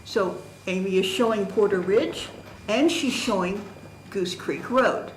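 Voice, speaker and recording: A woman's voice: mid-range voice, measured pace, echoey room, background noise. A woman giving formal public testimony at a county board meeting, presenting a challenge methodically and emphatically while reading from documents. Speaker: citizen presenting a candidacy challenge. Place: county government meeting room.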